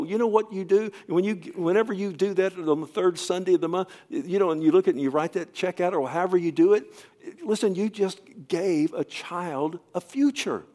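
Man preaching, loud then whispering. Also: high voice. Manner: swings from loud preaching to hushed near-whispers; repetitive, emphatic, acts out dialogue in storytelling. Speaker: pastor. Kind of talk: sermon.

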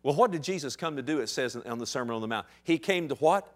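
A man preaching a sermon, dramatic, swinging from loud outcries to hushed, slow passages. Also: mid-range voice, lively intonation.

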